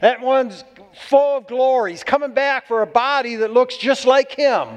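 A man's voice: extremely high pitch, moderate pace. A man preaching a sermon to a congregation, exuberant and whooping between points. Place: church hall. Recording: long hall reverb.

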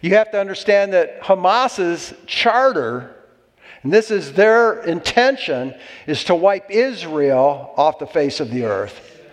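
A man's voice: high-pitched, big pitch swings, slow, in a large hall. A man preaching a sermon as pastor, exhorting and calling for amens from the congregation.

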